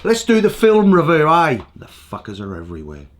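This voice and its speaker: A man's voice: fairly high pitch, huge pitch swings, moderate pace, very noisy. A man hosting a show, delivering sweary, indignant comedic commentary. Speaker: host.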